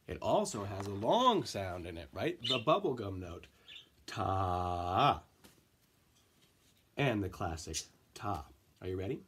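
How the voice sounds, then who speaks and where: Man, music teacher, husky voice, unhurried, coaxing, counts in young kids. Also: fairly low pitch. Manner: coaxing, counts in and chants rhythm syllables. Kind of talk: elementary music lesson.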